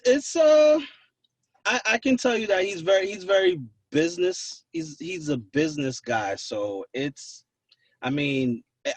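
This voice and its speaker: A man, a DJ guest on a radio show, talking casually and haltingly, often circling back over his own words. His voice sits a little back from the mic in a dry, dead-sounding space. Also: on the high side, dry recording, recorded from a distance. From New York City. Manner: hesitant, repeats words while thinking. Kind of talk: casual interview chat.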